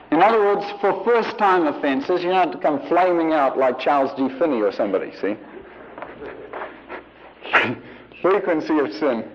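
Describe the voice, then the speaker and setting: A male preacher giving a sermon to a congregation in a church building, emphatic and repeating his key phrases, on a muffled 1970s recording. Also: on the high side.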